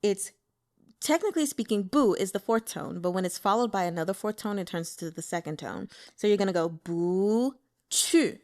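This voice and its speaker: Excitable woman chatting about a book. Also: mid-range voice, a little fast. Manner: excitable, teaches Mandarin name pronunciation. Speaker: book club host. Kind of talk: casual book discussion.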